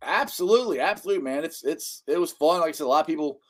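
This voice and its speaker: Man, podcast host, excitable, chatty, lively pitch. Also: rapid-fire. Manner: excitable, chatty, laughs often. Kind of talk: casual sports podcast chat.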